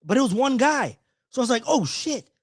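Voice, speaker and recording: A man hosting a live sports talk stream, telling a story in a rambling, animated way, swearing and restarting often. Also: extremely high pitch, quick pace, no echo, clean studio sound. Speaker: podcast host. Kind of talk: casual live-stream chat.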